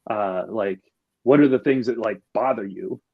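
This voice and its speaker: A man's voice: fairly low pitch, no room sound, phone-quality sound. A male podcast guest talking casually and reflectively, often restarting his sentences. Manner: reflective, halting, many restarts. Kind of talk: casual conversation.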